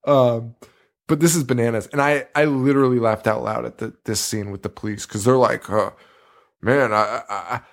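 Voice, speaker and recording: A man's voice: mid-range voice, steady tone, moderate pace, creaky. A man co-hosting a podcast, rambling through a movie review in casual chat and swearing freely in exasperated, sarcastic asides. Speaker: podcast co-host.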